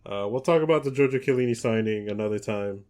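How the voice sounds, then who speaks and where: A man hosting a football podcast in casual chat, relaxed and hesitant, with many ums and restarts. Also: fairly low pitch, quick pace. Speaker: podcast host.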